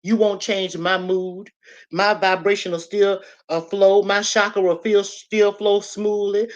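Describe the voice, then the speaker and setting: Woman with a mid pitch, delivering an emphatic, repetitive pep talk straight to her viewers on a slightly muffled stream. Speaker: livestream host giving a motivational talk. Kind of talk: casual preachy monologue to viewers.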